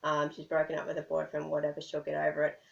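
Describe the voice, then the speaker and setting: Woman doing a dismissive pet cat, low gravelly voice, quick and offhand, dull distant sound. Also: monotone. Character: indifferent pet cat, female owner's cat.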